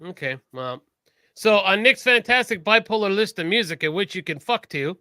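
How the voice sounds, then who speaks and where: A man's voice: high voice, expressive, normal speed, pushed and bright, clean tone, dry recording. A Canadian man co-hosting a podcast in loose, profane, joking banter. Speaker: podcast co-host. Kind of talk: casual chat.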